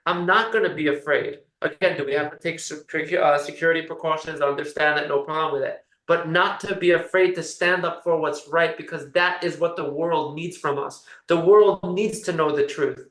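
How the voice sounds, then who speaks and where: A man's voice: on the high side, steady tone, fairly quick, a bit bright. A man speaking as a rabbi, giving an earnest, rousing talk over a video call and telling stories to make his point. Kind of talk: inspirational speech on a video call. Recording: roomy echo.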